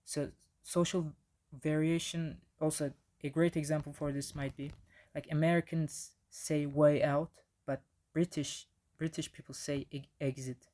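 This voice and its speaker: A man's voice: fairly high pitch, little pitch movement, normal speed, a little mellow. A man giving a casual slide presentation on language in the classroom, with frequent restarts and fillers.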